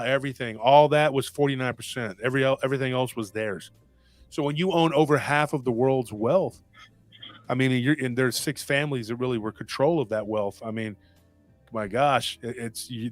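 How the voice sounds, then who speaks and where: A man's voice: medium pitch, no echo. Rambling, emphatic man on a podcast panel. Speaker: podcast host. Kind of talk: casual panel talk.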